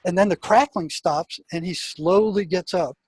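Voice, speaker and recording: An older man, a retired psychotherapist, telling a story in an interview; he talks in halting restarts and acts out the sound effects and other people's lines. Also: sits high, a little mellow, husky, no echo. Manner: halting, repeats words as he recalls.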